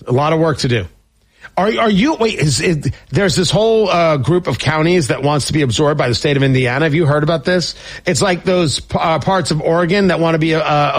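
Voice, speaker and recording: A male talk radio host delivers political commentary with a sarcastic, riffing edge. His voice sits high for a man and swings through a very lively, animated range.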